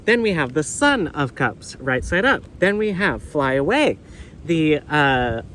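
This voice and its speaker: A man giving an excitable, effusive tarot reading outdoors on a windy beach, often repeating words. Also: a little high, measured pace, low-quality recording. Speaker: tarot reader. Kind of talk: casual tarot reading video. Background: wind and faint ambience.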